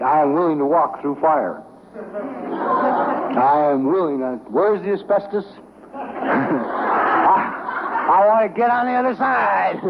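A man's voice: on the high side, vocal fry. A man telling stories to a recovery meeting in a large room, rambling and colloquial, with a wry sense of humor. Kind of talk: humorous storytelling talk to a group. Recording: dull lo-fi recording with faint noise.

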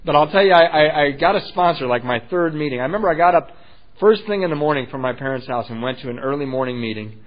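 A man sharing a personal recovery story, candid and self-mocking, swinging between hushed and loud. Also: a little high, animated, fast talker, muffled recording. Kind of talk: personal testimony talk.

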